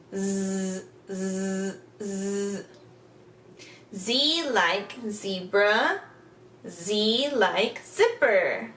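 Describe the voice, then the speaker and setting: A woman teaching kindergarten phonics, sounding out letters and words slowly with exaggerated care and patient, encouraging questions. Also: a little high, fairly bright tone, distant mic. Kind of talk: recorded phonics lesson for young children. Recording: echoey room, off-mic, faint background hiss.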